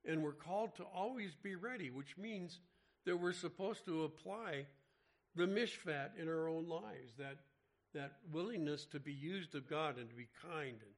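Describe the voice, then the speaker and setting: This Bible teacher's voice is fairly high and a bit bright. In his casual study sermon he restarts often, speaking conversationally, and mentions an irregular heartbeat.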